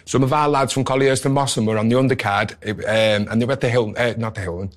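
Man, middle-aged, rapid storytelling, acts out quotes. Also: medium pitch. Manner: animated anecdotes, quotes people in character voices. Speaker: guest, former boxer. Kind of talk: casual storytelling interview.

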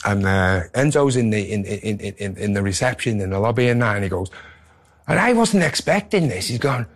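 A man with a Liverpool accent, a guest boxer telling an animated story on a radio talk show and acting out the dialogue. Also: on the low side, fairly quick.

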